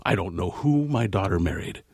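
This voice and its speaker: A man's voice: low voice, animated, fairly quick, slightly rough, no echo, clean studio sound, exaggerated voice. A man voicing a haughty, imperious middle-aged mother-in-law in a joke.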